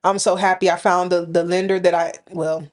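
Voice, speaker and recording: A woman's voice: fairly low pitch, level tone, a little fast, darkish tone. Woman in her thirties telling stories. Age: 30s. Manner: storytelling, acts out both sides of conversations. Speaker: podcast co-host. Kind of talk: casual chat.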